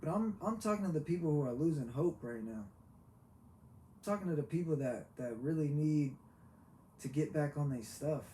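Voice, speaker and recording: Man, motivational monologue, heartfelt and preachy, mellow voice, echoey room, faint hiss. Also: fairly high pitch, lively intonation. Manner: heartfelt, repetitive, preachy, with halting restarts. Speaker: motivational vlogger.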